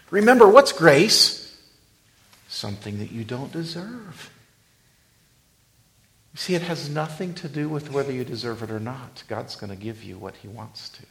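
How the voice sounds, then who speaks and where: A man preaching a sermon as a pastor, swinging between loud emphatic lines and hushed whispers, and reading scripture slowly. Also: mid-range voice, very animated, gravelly.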